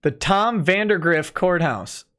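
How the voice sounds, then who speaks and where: A man's voice: high-pitched, expressive, slow, fairly bright tone. A man, a lawyer hosting a late-night livestream, reading viewer comments aloud and joking about them in a casual, wry way.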